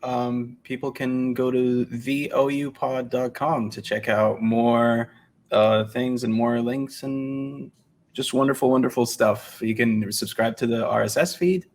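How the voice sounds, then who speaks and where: Relaxed co-host with a gravelly voice. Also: medium pitch, unhurried, slight background noise. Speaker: podcast co-host. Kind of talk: casual podcast chat.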